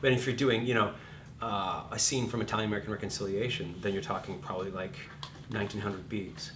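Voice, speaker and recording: A man's voice: fairly low pitch, steady tone, fast, a bit bright, reverberant, slight background noise. A man teaching acting to a live class in a hot room. He is blunt and profane, acts out quotes and sings notes.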